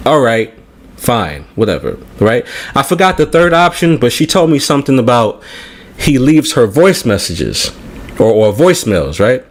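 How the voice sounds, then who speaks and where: Male panelist, mid-pitched, casual, lively and profane storyteller. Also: unhurried. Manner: animated, profane, keeps checking in with "right?". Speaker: podcast panelist.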